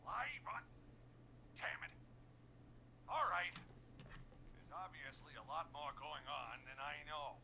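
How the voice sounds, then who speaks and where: A gruff, old-fashioned newspaper reporter from a video game, talking in a brisk, old-timey style. His voice is bright and sharp with a high, lively pitch, brusque and quick to curse. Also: a little hiss or hum, exaggerated voice, low-quality recording. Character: gruff older male small-town newspaper reporter, brash. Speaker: caller.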